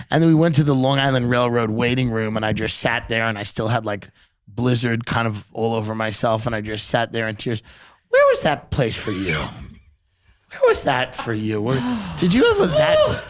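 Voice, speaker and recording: A man hosting a podcast, telling rambling, profane comic stories in a casual chat. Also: mid-range voice. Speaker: podcast host.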